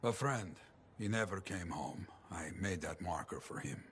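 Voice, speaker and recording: A man's voice: a little slow, a little hiss or hum. An actor playing a wistful man who remembers fallen friends, speaking reflectively in video game dialogue. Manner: reflective, warm-hearted, lively pitch.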